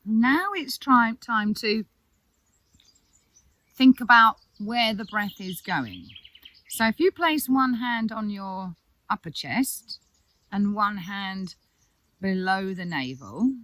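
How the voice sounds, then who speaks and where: A woman, a yoga teacher giving soft, calm, reassuring breathing instruction with long pauses. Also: mid-range voice, no room sound.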